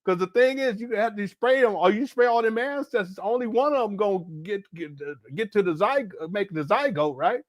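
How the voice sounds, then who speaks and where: A man's voice: high voice, lively intonation, a little fast, few pauses, dry recording, clean studio sound. A man hosting a live reaction stream, laughing often, stumbling over his words and talking straight to his chat.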